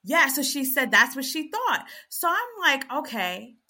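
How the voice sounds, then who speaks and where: A woman's voice: high voice, sing-song, a little slow, pushed and bright. A middle-aged woman on a panel, telling her story bluntly and animatedly with plenty of profanity. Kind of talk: candid panel chat.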